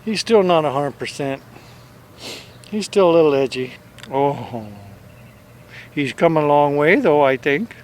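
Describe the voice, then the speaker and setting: A man's voice: fairly high pitch, lively intonation, measured pace, pauses often, a little mellow, a little hiss or hum. Man cooing sing-song baby talk to dogs. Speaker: dog owner filming his dogs. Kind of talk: casual talk to pets on camera.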